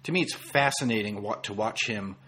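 Husky-voiced man discussing films. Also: fairly low pitch, fairly quick, sharp tone. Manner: thoughtful, quotes critics' reviews, frequent restarts. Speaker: podcast co-host. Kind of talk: casual film discussion.

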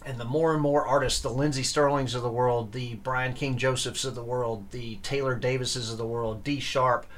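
A man's voice: medium pitch, fairly even intonation, moderate pace, fairly bright tone. A young man talking as an interview guest, earnest and enthusiastic, with frequent fillers and restarts. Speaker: guest, electric violinist and grad student. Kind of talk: casual interview talk.

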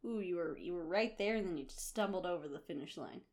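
A woman's voice: on the low side, fast, darkish tone. A woman in casual chat, teasing and knowing as she corrects her co-host.

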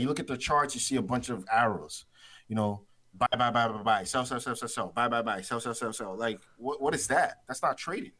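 A man tells a long trading story in a loose interview, repeating his words and laughing as he goes. He has an ordinary, mid-pitched male voice and an easygoing delivery. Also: a bit bright. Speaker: trader guest.

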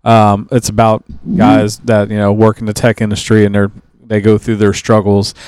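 Smooth-voiced man chatting casually. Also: fairly low pitch, moderate pace, no room sound. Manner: rambling, relaxed, with many restarts and trailing sentences. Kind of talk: casual chat.

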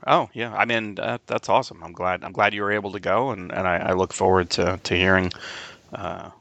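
A man's voice: low voice, steady tone, a little fast, gravelly, a bit bright, no room sound, lo-fi sound. A man co-hosting a casual podcast chat, rambling with many restarts and the odd swear word. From Albany, New York area. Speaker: podcast co-host.

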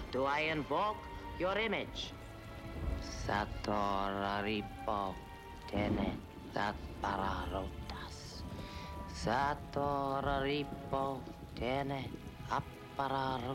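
An actress playing a con artist posing as a medium, with a sultry, scratchy voice and a put-on accent, taken from a film soundtrack. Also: female voice, a bass voice, expressive, heavily acted. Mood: solemn. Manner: slow, solemn incantation in a fake exotic accent. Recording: film soundtrack with music and rain. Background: music and rain.

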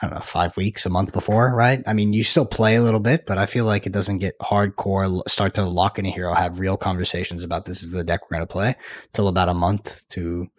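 A man co-hosting a casual podcast, relaxed and rambling. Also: low voice, fast, no room sound. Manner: relaxed, rambling, laughs easily. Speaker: podcast co-host.

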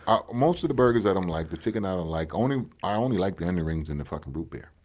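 Podcast co-host, easygoing, profane, lowish voice that swings a lot. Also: male voice, expressive, very fast, darkish tone. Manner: laid-back, swears, leans on "you know". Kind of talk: casual chat.

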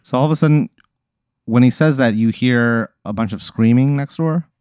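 A man hosting a comedy podcast, telling an improvised scenario in a halting way, with fillers and giggles. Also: mid-range voice, darkish tone, clean tone, no echo, clean studio sound. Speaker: comedy podcast host running a hypothetical scenario. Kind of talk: improvised storytelling chat.

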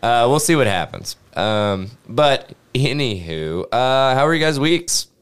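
A man's voice: medium pitch, animated, measured pace, smooth. Casual man hosting a podcast. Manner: swearing, laughing, loose banter. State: rough throat. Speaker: podcast host.

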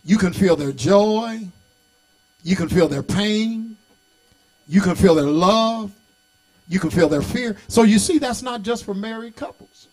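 A middle-aged bishop with a strikingly high voice, preaching to his congregation. He moves from folksy storytelling into shouted, sing-song calls and talks straight back to the crowd. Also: expressive, measured pace. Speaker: bishop and pastor. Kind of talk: sermon.

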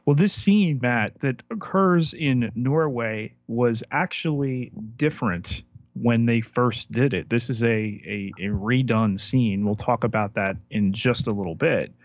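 A man of middle pitch co-hosts a film podcast, speaking slowly and hesitantly and often repeating words as he thinks. The recording is dry and slightly dull, with a muffled top end. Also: no echo. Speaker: podcast co-host. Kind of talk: casual film discussion.

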